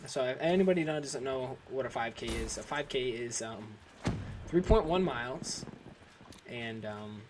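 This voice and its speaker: A man's voice: medium pitch, background noise. A young man vlogging, telling a story in a rambling, casual way full of fillers like "like" and "um". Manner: rambling, filler-heavy, restarts often.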